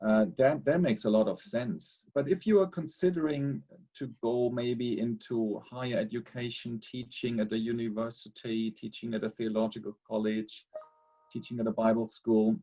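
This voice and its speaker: A man, a theology lecturer, talking in a measured, hesitant way with many fillers. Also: mid-range voice, steady tone, dark tone, muffled recording. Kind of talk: webinar discussion.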